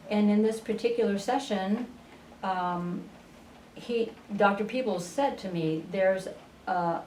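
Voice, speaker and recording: A woman being interviewed on a radio show, telling her story at an unhurried pace with many fillers and restarts. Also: mid-range voice, a little mellow. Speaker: interview guest, spiritual channeler. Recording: roomy, distant radio studio sound with faint noise.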